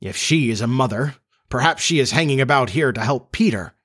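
A man's voice: medium pitch, animated, fairly quick, fairly bright tone, slightly rough. A man voicing a nervous, suspicious male pirate in a storybook reading. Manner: anxious and wary.

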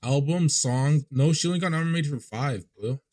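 A man's voice: fairly high pitch, moderate pace, a little mellow. A man co-hosting a podcast in casual chat, laid-back, swearing and laughing often. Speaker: podcast co-host.

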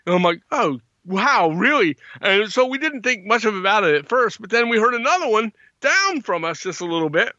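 Animated man telling a campfire story. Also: high-pitched, fast talker, hardly any pauses, no room sound, dull audio. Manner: animated, acts out quotes in a raised voice. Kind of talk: casual storytelling.

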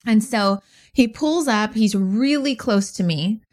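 A woman co-hosting a podcast, telling a story in an animated, exasperated way. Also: mid-range voice, slow pace. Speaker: podcast co-host. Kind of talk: casual storytelling chat.

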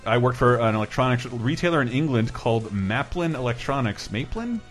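Animated male podcast host. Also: mid-range voice, a little fast, faint music behind. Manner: animated storyteller who puts on voices. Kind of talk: casual chat, reading listener stories.

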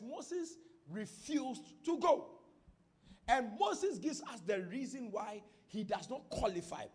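A Ghanaian pastor preaches with an extremely high-pitched, slightly rough voice. Starting softly with scripture teaching, he builds to fervent prophetic declarations delivered at a shout.

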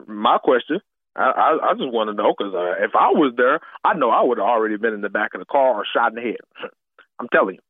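A man's voice: medium pitch, big pitch swings, brisk, husky, dry recording. A man calling in to a radio show, talking in a rambling, repetitive, emotional way. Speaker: caller. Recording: phone line.

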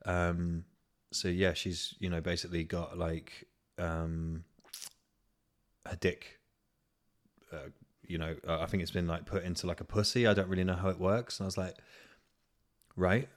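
A man with a very low voice hosts a podcast, telling a story in a loose, rambling way. He swears freely, stumbles through fillers and chuckles at his own tale. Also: level tone, normal speed, long pauses. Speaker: podcast host. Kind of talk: casual storytelling monologue.

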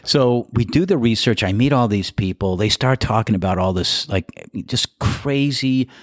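A man's voice: mid-range voice, normal speed, dry recording, clean studio sound. An older man hosting a podcast in casual chat, telling candid, crude stories and laughing often. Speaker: podcast host.

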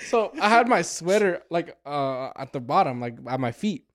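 Young dude cohost, swears constantly, lively pitch, casual storytelling. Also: male voice, normal speed. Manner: animated, profane, laughing storyteller. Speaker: podcast co-host.

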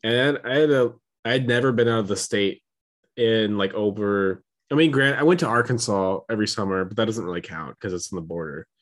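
A Missouri man co-hosting a podcast speaks fairly quickly in a lowish voice. He tells stories in a loose, rambling chat, often restarting his sentences.

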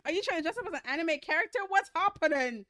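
A young woman co-hosting a casual book chat, animated and dramatic, laughing often. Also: very high-pitched, quick pace, dry recording, studio quality. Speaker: podcast co-host.

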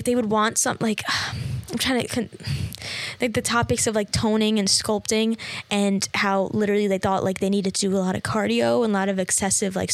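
A woman's voice: mid-range voice, no room sound. Young woman, New York native, fitness podcast host; filler-heavy casual chat, dry close-mic sound. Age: young adult. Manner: chatty, filler-heavy, lots of "like".

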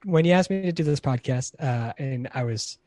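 A man's voice: mid-range voice, lively intonation, moderate pace, a little mellow, dry recording, studio quality. A man in his twenties, a podcast guest in casual chat, laughing and self-mocking as he talks.

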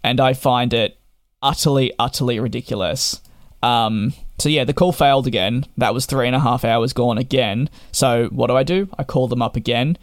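A man's voice: mid-range voice, dry recording, studio quality. A young man tells a frustrated storytime rant to camera. He sounds exasperated and sarcastic. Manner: exasperated and sarcastic, with repeated restarts. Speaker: travel vlogger.

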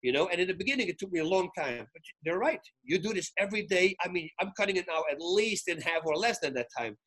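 A man, a retired fighter turned commentator, telling animated stories as a podcast guest and acting out the dialogue. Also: high voice, quick pace. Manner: excitable, acts out quoted dialogue, frequent restarts. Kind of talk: animated storytelling in casual chat.

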